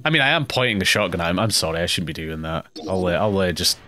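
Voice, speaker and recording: A young man giving rambling, casual commentary while playing a video game, often jumpy and quick to laugh. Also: sits low, lively intonation, noisy background. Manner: rambling, jumpy, breaks into panicked yelps and laughs. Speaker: let's play gamer.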